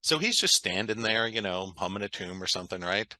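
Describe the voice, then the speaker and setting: A man's voice: lowish voice, lively intonation, brisk, bright, forceful tone, no room sound, poor audio. A man, a guest on an interview, talking in an enthusiastic, conversational way and often checking in with "right?". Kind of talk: interview storytelling.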